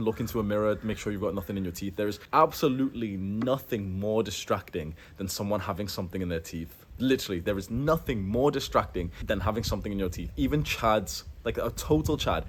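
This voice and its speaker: A young man with a fairly low voice gives frank grooming advice straight to camera. He talks casually and bluntly, full of "like" and loose fillers. He punches key words with sudden emphasis. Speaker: self-improvement YouTuber. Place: in Thailand, indoors.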